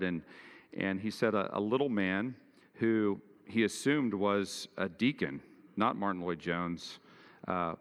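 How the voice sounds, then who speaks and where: Male pastor, low voice, earnest sermon delivery that climbs for emphasis; church reverb. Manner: earnest preaching, rising in pitch and force for emphasis.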